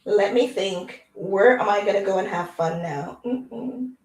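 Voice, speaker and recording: A middle-aged woman chatting casually on her livestream, animated and drifting into patois. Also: mid-range voice, unhurried. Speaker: livestream host. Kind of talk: casual chat. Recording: echoey room.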